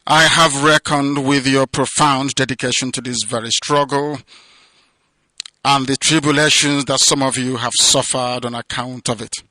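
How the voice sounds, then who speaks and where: A man with a Nigerian accent giving an impassioned radio address, declaiming with loud peaks that drop to low, hushed passages. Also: steady tone, moderate pace, no room sound. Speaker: movement leader giving a radio broadcast.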